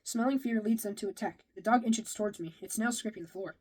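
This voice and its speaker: A woman's voice: mid-range voice, fairly quick, a little mellow, rough recording. A woman reading a novel aloud in the first person, now and then stumbling and rereading a phrase. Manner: first-person storytelling with occasional slips and rereads. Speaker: reader.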